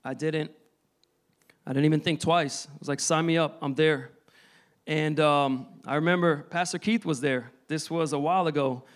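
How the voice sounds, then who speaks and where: A man's voice: on the high side, fairly even intonation. Earnest man preaching a testimony sermon. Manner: earnest, halting storytelling with many restarts.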